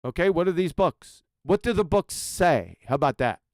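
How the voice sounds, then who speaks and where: A man's voice: a little high, sing-song, moderate pace, a little mellow, dry recording, studio quality. A man hosting a live stream, mocking a clip with profane, sarcastic commentary. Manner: ranting, insulting, sarcastic. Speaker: live stream host reacting to clips.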